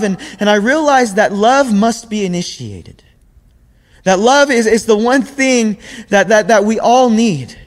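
A young man giving a sermon in an earnest way, often repeating words as he searches for the next phrase. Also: high-pitched. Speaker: preacher. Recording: long hall reverb.

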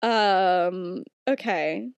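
A woman's voice: on the low side, very slow, creaky, clear, resonant tone, no room sound. A young adult woman hosting a podcast, casually retelling a story with lots of "like" and "um" and frequent giggles. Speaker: podcast host.

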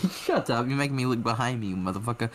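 A man's voice: medium pitch, brisk, a little hiss or hum. A man co-hosting a casual podcast from his room over a voice call, teasing and swearing. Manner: teasing, swearing, laughing asides. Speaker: podcast co-host. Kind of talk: casual chat.

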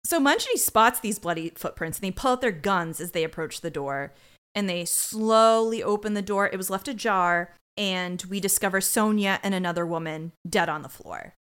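A woman's voice: mid-range voice, normal speed, a bit bright, clear, resonant tone. A woman co-hosting a casual podcast, recapping a TV episode with incredulous exclamations and frequent laughter. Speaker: podcast co-host.

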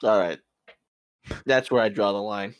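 A man's voice: on the low side, a little slow, smooth, no echo, highs cut off, natural voice. A man playing a belligerent, sarcastic male customer in an improvised comedy sketch, repeating his demands. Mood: combative. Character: indignant, combative male customer.

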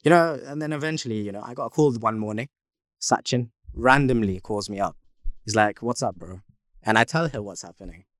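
A young man talking in a casual podcast chat, halting often and restarting his sentences. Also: medium pitch, a bit bright, dry recording. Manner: halting, many fillers and restarts. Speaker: podcast co-host.

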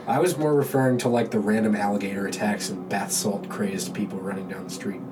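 A man's voice: on the low side, fairly even intonation, fairly quick, noisy background. A young man guesting on a casual podcast, laid-back and joking, heard from a distant mic.

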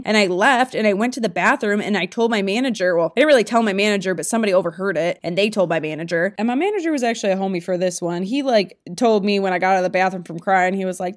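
A young woman hosting a podcast, telling blunt, profane stories in a casual monologue. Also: medium pitch. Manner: profane, blunt, animated storytelling. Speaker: podcast host.

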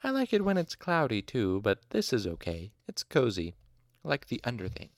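A man's voice: mid-range voice, huge pitch swings, moderate pace, dry recording, clean studio sound. A man voicing a shy, whimsical young woman who speaks with eager, childlike wonder in a storybook reading.

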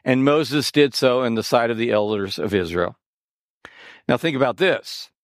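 A man preaching a sermon, animated and expressive, with sarcastic asides. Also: medium pitch, normal speed, dry recording, clean studio sound. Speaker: pastor.

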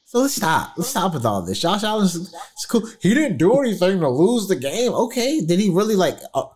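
A man talking football in casual chat, animated and trash-talking with plenty of laughs. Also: high-pitched, moderate pace. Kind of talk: casual sports talk.

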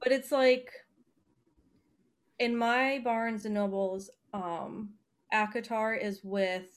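A woman co-hosts a relaxed chat about books. She speaks bluntly, swears freely and often restarts mid-sentence. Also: on the high side, takes it slowly. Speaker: podcast co-host. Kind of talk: casual book chat.

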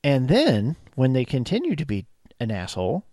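A man's voice: medium pitch, moderate pace. A man in his thirties, a police officer co-hosting a podcast, chatting casually and acting out quotes. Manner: animated storyteller, acts out quotes.

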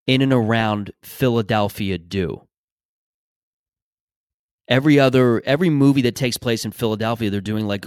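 A man's voice: fairly low pitch, smooth, no echo, clean studio sound. A man hosting a podcast in a casual, rambling, opinionated monologue, swearing freely. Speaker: podcast host.

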